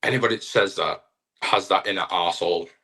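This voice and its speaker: Here a young wrestler from Britain talks as an interview guest, loose and rambling, often self-deprecating. He speaks fast in a deep voice that sounds pushed and bright.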